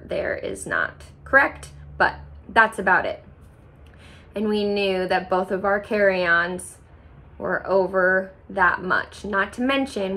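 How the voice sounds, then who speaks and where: A young woman tells a story about her travel day in a casual vlog. She talks in an animated, chatty way, laughs often and jumps up in pitch when she acts out her own reactions. Her voice sits at an ordinary middle pitch for a woman. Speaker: travel vlogger.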